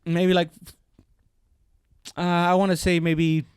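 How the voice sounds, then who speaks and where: A man co-hosting a comedy podcast, telling a long street story in casual chat and acting out the shouted lines of the people in it. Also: high voice, slow, clean tone, dry recording, studio quality. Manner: animated storyteller, acts out shouted quotes, profane. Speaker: podcast co-host.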